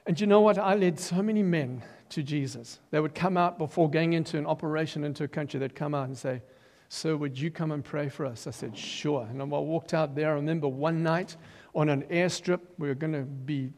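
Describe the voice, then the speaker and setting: An older man tells his story from the pulpit, animated and theatrical, acting out the voices of the people in it and rising into loud bursts of emphasis. His voice sits on the higher side. The sound rings with the long reverb of a large hall. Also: a little fast, hardly any pauses. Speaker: preacher giving his testimony. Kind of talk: testimony sermon.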